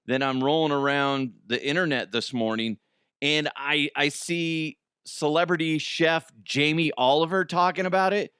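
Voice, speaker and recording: Smooth-voiced male host. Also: medium pitch, fairly bright tone, no room sound, studio quality. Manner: casual, slightly halting. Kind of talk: introducing a news story.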